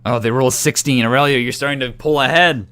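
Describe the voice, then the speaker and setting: A man running a tabletop game as game master. He calls for rolls and describes events in a calm, matter-of-fact way at an ordinary, mid-range pitch. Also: quick pace, a little hiss or hum.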